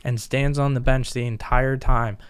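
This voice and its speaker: A man who is a guest on a podcast, telling stories in a casual, animated way and laughing often. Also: mid-range voice, normal speed, clean tone. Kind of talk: casual storytelling.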